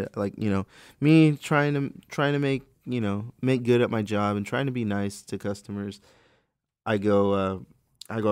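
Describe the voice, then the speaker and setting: Profane low-voiced man ranting. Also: normal speed, clean tone, no echo, clean studio sound. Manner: profane, animated storytelling with many fillers. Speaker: podcast co-host; retail store worker. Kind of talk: casual rant about work.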